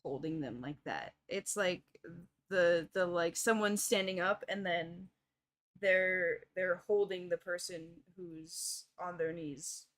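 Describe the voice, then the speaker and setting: A woman's voice: lowish voice, takes it slowly, fairly bright tone. A woman playing in a tabletop game, casual and rambling, with many fillers and frequent laughter. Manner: giggly, rambling, lots of fillers. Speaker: player.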